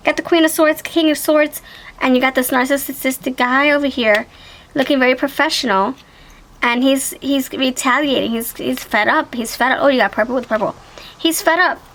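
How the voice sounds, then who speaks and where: A woman giving a casual tarot reading to her viewers, chatty and animated, with quick exclamations and frequent self-corrections. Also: fairly high pitch, slight background noise, poor audio. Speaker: tarot reader.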